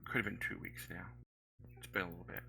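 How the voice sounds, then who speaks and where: A man voicing Maxine, a worried middle-aged woman at an inn who speaks in a soft, earnest way. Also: low-pitched, little pitch movement, fast, vocal fry, slightly rough, pitched below the performer's own voice, heavily acted, poor audio.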